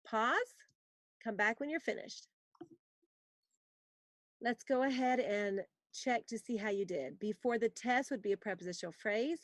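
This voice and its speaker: A woman teaching a recorded grammar lesson, explaining patiently and reading example sentences slowly for students to write down. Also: on the high side, dry recording, clean studio sound.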